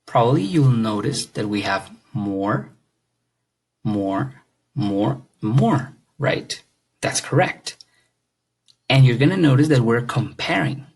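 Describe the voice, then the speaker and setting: A man's voice: mid-range voice, lively intonation, takes it slowly, vocal fry, darkish tone, slightly rough, rough recording. A man teaching an English grammar lesson, explaining patiently and checking understanding with questions.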